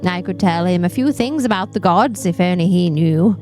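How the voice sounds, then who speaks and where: A woman voicing a fond, frail, absent-minded elderly father, reading game dialogue in a deliberate, lowered old-man voice. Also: darkish tone, faint music behind, natural voice. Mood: reminiscing.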